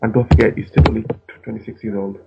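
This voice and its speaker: A man calling in by phone from home, chatting casually about boxing with halting, stammering restarts. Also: fairly low pitch, level tone, vocal fry, mellow. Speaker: phone-in caller. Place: at home with the television on. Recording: tinny phone line with faint noise.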